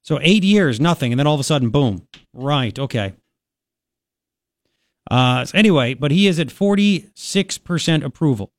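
Radio host, male, thirties, chatty and rambling, a touch high-pitched, dry studio sound. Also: expressive, moderate pace, no room sound. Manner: rambling, chatty, lots of restarts and fillers. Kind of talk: casual talk radio monologue.

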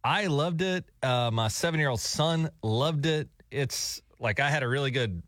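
A man's voice: medium pitch, normal speed, fairly bright tone, dry recording, clean studio sound. A middle-aged man hosting a morning radio show, telling a story in a rambling, self-deprecating way. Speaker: radio host. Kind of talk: casual morning radio banter. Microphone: studio microphone.

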